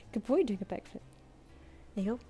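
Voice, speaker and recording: A woman's voice: mid-range voice, lively intonation, unhurried, mellow, faint music behind. A British woman chatting casually on a live stream at home, cooing at her cat and giving it commands between comments. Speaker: artist streamer. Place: home room.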